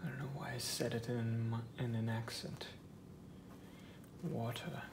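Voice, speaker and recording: A man teaching a step-by-step painting tutorial, talking softly and half-whispering as he works. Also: medium pitch, flat delivery, fairly quick, roomy sound, background noise. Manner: soft, half-whispered guidance while painting. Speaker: painting instructor.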